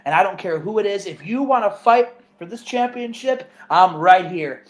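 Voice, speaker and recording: A man putting on a proud, earnest masked wrestling champion, pitched well above his own speaking voice. He delivers a heartfelt victory promo in a raised, earnest tone, as in a gameplay video. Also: expressive, moderate pace.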